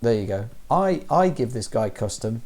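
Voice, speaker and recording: A man's voice: mid-range voice, big pitch swings, moderate pace, darkish tone. A man doing jokey, chatty let's-play commentary as a gaming streamer. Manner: jokey, chatty, mild slang.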